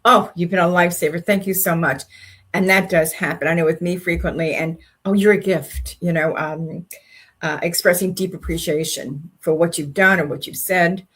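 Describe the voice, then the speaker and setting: An older woman co-hosting a faith-based talk show, chatting casually and telling animated stories with acted-out dialogue. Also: fairly low pitch, normal speed, husky. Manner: animated storyteller, acts out quoted speech. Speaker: co-host.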